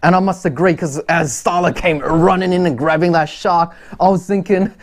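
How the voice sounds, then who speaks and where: Chatty stream presenter, chuckling. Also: male voice, sits high, fairly even intonation, moderate pace. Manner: chatty, chuckling, addresses viewers as guys. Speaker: livestream presenter. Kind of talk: casual show presenting.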